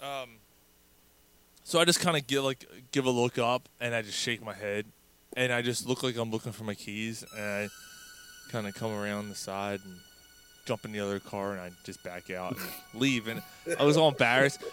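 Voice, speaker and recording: Swearing podcast host telling a story. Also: male voice, lowish voice, normal speed, faint music behind. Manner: profane, animated storytelling.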